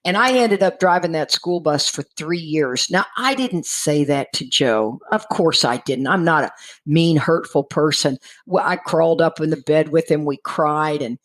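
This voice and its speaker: A middle-aged woman from Texas, a recovery speaker telling her own story in a lively way and often laughing. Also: moderate pace. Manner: lively, acts out quoted voices with jumps in pitch, laughs often. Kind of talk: storytelling talk.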